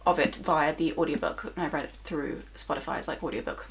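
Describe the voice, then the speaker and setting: A woman's voice: sits low, a little fast. A young British woman in a casual book vlog, chatting through her monthly reads with plenty of fillers. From United Kingdom. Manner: chatty, many "like" fillers, gushing. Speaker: book vlogger. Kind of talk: casual monthly reading wrap-up.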